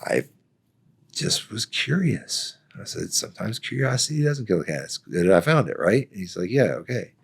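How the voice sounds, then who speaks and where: A man's voice: on the low side, sing-song, moderate pace, vocal fry, husky. A man from Florida, a veteran, telling a story casually, acting out the quoted lines and laughing often. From Florida, United States. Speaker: guest, Army veteran.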